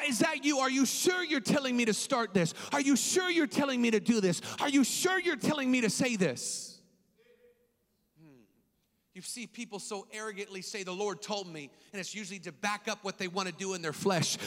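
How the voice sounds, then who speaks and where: A man preaching a sermon in a church, fervent, rising to shouted, sing-song cadences. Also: extremely high pitch. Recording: long reverb of a large hall.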